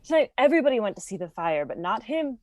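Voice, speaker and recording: A woman reading the part of a weary young woman of twenty-three, halting and caught between sobs and laughter. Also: on the high side, big pitch swings, dry recording. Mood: despairing. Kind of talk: staged play reading.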